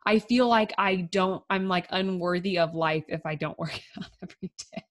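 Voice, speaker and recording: Chatty young mom, low voice. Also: female voice, normal speed. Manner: chatty, says "like" often, laughs easily. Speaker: podcast co-host. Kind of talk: casual chat.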